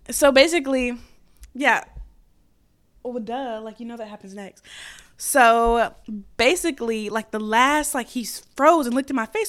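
Here a young woman hosting a podcast recounts a story in relaxed conversation, her fairly high voice a bit bright and her pace moderate. Frequent giggles and heavy use of "like" and "um" mark her chatty style.

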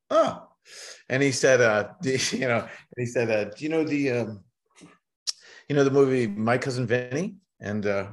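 Wry middle-aged man telling stories. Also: mid-range voice. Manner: wry, animated anecdote-telling with mimicked quotes. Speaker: musician guest. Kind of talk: casual storytelling in a podcast interview.

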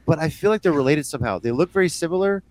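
A man co-hosting a podcast, chatting in a quick, lively way. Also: a little high. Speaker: podcast co-host. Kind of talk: casual chat.

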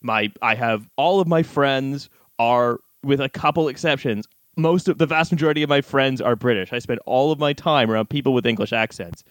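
A man's voice: mid-range voice, moderate pace, hardly any pauses, no room sound. A man with a Canadian accent, co-hosting a comedy podcast in a profane, exasperated, ranting manner. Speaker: podcast co-host. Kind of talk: casual comedic chat.

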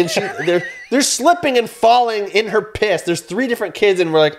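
A man in his thirties, a podcast co-host, telling an animated story in casual chat, swearing and acting out his own yelling. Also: high-pitched, normal speed, hardly any pauses, a little hiss or hum.

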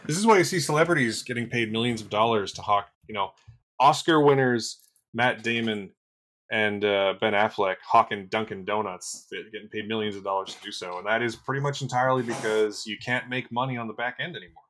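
A man's voice: lowish voice, a little fast, a bit bright. A man co-hosting a film podcast, talking in a dry, wry way and steering the conversation. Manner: dry, wry, leads the segments. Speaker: podcast co-host. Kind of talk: casual film review chat.

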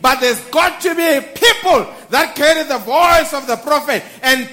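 Bright-voiced male preacher. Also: animated, normal speed, hardly any pauses. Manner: builds to shouted peaks, then drops soft and low. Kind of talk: sermon.

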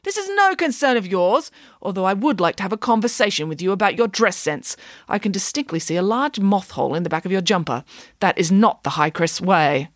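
A woman voicing a pompous, ranting male vice principal who punches out his words loudly. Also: medium pitch, lively intonation, fairly quick, dry recording, clean studio sound, lightly acted. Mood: blustering. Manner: loud, punchy, indignant.

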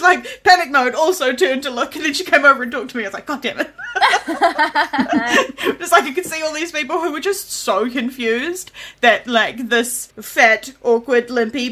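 A woman's voice: fairly high pitch, pushed and bright. A woman with a New Zealand accent hosting a podcast, chatty and self-deprecating, laughing often. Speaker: podcast host. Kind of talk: casual chat.

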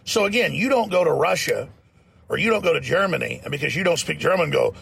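A man's voice: on the high side, animated, fast talker, creaky, fairly bright tone, husky. A man hosting a talk show, delivering fiery, emphatic and mocking political commentary.

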